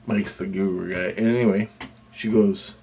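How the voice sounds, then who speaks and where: A man's voice: low voice, unhurried, vocal fry, slight background noise. A man casually telling a personal story, rambling with restarts and acting out other people's quoted lines. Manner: rambling, animated, acts out quotes with fillers and restarts. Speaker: vlogger telling personal experiences.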